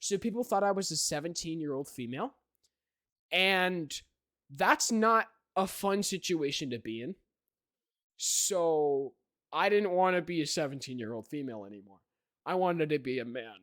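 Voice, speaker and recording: A man's voice: on the high side, expressive, moderate pace, a bit bright, no echo, clean studio sound. Rambling teen guy on a podcast. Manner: rambling storytelling, many fillers and "right?". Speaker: podcast host. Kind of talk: casual chat.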